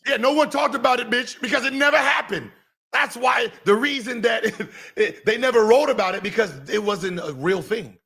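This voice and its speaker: A man talks over video clips, casual and teasing. His voice sits high and comes out husky, and he keeps poking holes in the stories he hears. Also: normal speed. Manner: mocking, loud, laughing and shouting at times. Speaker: host reacting to clips. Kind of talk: casual reaction commentary.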